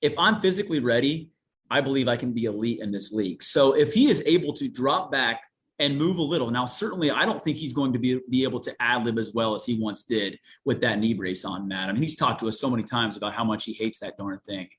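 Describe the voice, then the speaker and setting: A man from Newark, Ohio, with a Central Ohio accent, a TV sportscaster talking as a guest in an animated, folksy way. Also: mid-range voice, fast. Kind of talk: casual sports interview.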